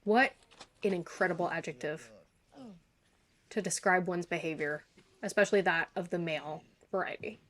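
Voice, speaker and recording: A woman giving a casual reaction commentary on a show, gushing and excitable, swearing freely. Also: on the low side, normal speed, long pauses. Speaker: YouTuber.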